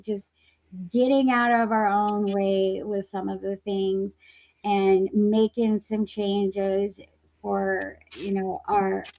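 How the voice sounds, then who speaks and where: A woman in a roundtable chat, talking in a loose, animated way, trailing off and restarting her sentences. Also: medium pitch, muffled recording. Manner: chatty, animated, trails off and restarts, swears casually. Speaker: roundtable participant.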